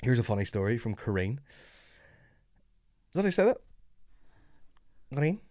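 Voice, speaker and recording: A man chatting casually as a podcast host, telling animated stories with plenty of swearing. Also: medium pitch, moderate pace, no room sound, clean studio sound. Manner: animated storytelling, swearing, acting out voices. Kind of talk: casual chat.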